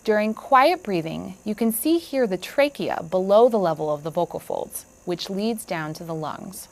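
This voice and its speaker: Woman calmly explaining vocal anatomy. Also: medium pitch, normal speed. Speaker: speech scientist demonstrating endoscopy. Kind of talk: explanatory narration.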